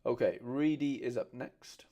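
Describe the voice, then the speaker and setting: A man's voice: mid-range voice, a little slow, mellow. A man hosting a casual livestream, chatting with viewers and calling them mate. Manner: chatty, reads out viewer comments, calls people mate. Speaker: host.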